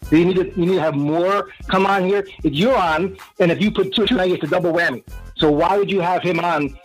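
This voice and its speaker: A man's voice: high-pitched, quick pace, soft background music, poor audio. A middle-aged man from New Jersey, a guest ranting with sarcastic, brash banter on a radio-style show. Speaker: fantasy baseball guest.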